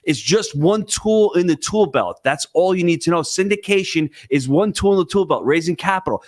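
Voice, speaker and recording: A man's voice: sits high, expressive, moderate pace, dry recording. Man, conference panel speaker, emphatic coaching delivery, dry close sound. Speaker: conference speaker, real estate investor. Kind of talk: live panel talk. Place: conference stage.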